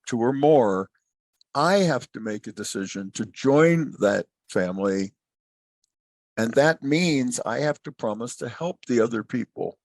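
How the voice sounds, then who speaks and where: Gravelly older man musing philosophically. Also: medium pitch, dry recording. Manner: expansive, philosophical, storytelling. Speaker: guest, family wealth advisor. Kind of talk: reflective interview talk.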